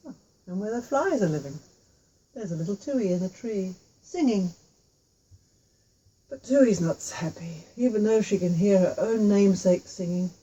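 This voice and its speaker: A woman's voice: mid-range voice, dark tone, breathy edge, lo-fi sound. A woman telling a children's story with tabletop puppets, chatty, with asides to the children.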